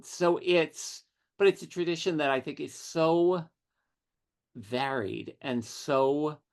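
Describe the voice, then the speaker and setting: A middle-aged man, a writer, telling witty anecdotes as an interview guest. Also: mid-range voice. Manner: witty, animated storytelling with quick asides. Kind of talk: conversational anecdotes.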